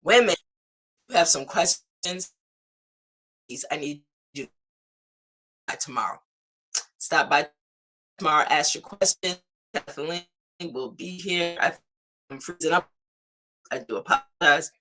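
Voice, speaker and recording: A middle-aged woman hosts a live morning show, giving an upbeat live-stream sign-off that's chatty and encouraging as she calls her viewers "guys." Her voice sits low, pushed and bright, unhurried with long pauses.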